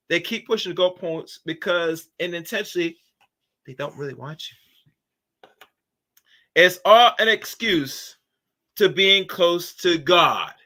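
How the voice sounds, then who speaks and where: A man's voice: fairly high pitch, sharp tone. A man hosting a casual opinion commentary, rambling and preachy, with many fillers. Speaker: commentary channel host.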